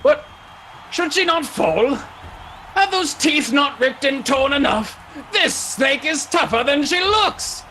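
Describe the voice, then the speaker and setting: A man voicing a theatrical arena announcer who shouts to hype up a fight. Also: extremely high pitch, expressive, takes it slowly, slight background noise, pitched above the performer's own voice, exaggerated voice. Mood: hyped.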